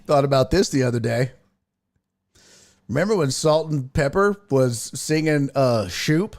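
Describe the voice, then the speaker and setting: A man hosting a casual sports talk livestream, reading viewer comments aloud and joking around. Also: measured pace. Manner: animated, jokey, swings pitch wildly. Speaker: sports talk show host.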